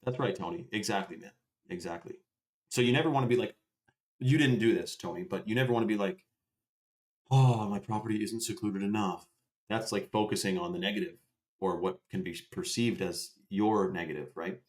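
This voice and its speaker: A man's voice: low-pitched, a little fast. A man hosting a casual livestream. He answers viewers by name, swears freely and keeps a loose, chatty tone. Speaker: livestream host.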